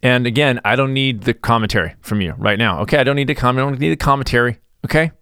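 A man's voice: mid-range voice, quick pace, a bit bright, clear, resonant tone, no echo, studio quality. A middle-aged man hosting his own podcast, talking in a rambling, jokey way with mock-defensive asides. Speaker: podcast host. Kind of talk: casual solo podcast monologue.

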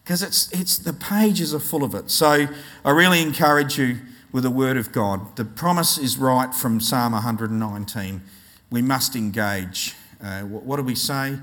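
A man preaching a sermon in an easy conversational way, slowing down to stress key words from scripture. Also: mid-range voice, fairly bright tone.

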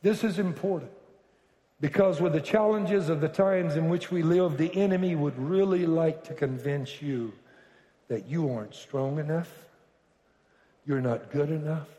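A man preaching a sermon to a congregation, building from slow, deliberate lines up to shouted declarations. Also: on the high side. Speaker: pastor. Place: large church hall. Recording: echoey hall from far off.

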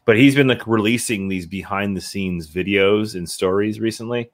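A man's voice: lowish voice, moderate pace, no room sound. A man co-hosting a podcast, telling a story in a rambling way with many restarts. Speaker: podcast co-host. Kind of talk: casual podcast chat.

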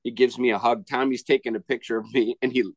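A man co-hosting a podcast, telling a relaxed story in casual chat. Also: mid-range voice, quick pace, no echo.

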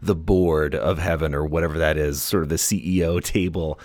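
A man's voice: very deep voice, fairly even intonation, normal speed, a little mellow, no echo, studio quality. A man speaking as an author guest in a casual podcast interview, thoughtful and laughing often as he talks.

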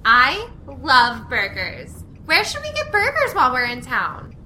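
A woman's voice: high-pitched, huge pitch swings, unhurried, bright, forceful tone, a little hiss or hum, full character voice. A woman playing a gushing college girl. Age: 20s. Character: bubbly, friendly young college woman.

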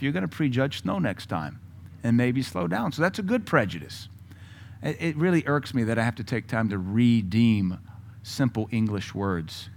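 A man preaching a sermon with a blunt, combative delivery, breaking into loud bursts and mocking asides. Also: mid-range voice. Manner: mocking mimicry of other voices. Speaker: pastor.

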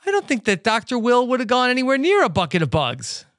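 A man hosting a podcast, chatting casually with wry, low-key remarks about a reality show. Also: huge pitch swings, fast, fairly bright tone, dry recording, clean studio sound. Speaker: podcast host. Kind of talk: casual recap chat.

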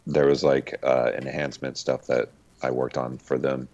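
A man with a very deep voice rambles through casual podcast chat, often circling back on himself. His sound comes through a dull, lo-fi mic. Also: flat delivery, normal speed, a little mellow. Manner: rambling, repeats himself, swears. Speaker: podcast co-host.

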